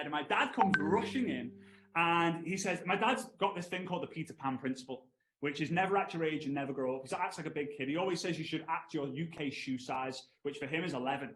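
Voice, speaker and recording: Energetic man in his thirties. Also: fairly high pitch, slight background noise. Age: 30s. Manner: energetic, animated, asks the audience to respond. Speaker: network marketing trainer. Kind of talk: storytelling training talk. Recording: roomy echo.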